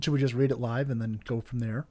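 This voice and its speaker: A man on a casual podcast, reading a character backstory aloud in a relaxed way, with hesitant restarts and frequent throat clearing. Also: mid-range voice, fast talker.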